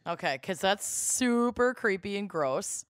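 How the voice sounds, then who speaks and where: A woman with a Minnesotan accent, chatting and joking as a podcast guest, telling animated stories. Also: medium pitch, measured pace, no echo, studio quality. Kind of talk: casual podcast chat.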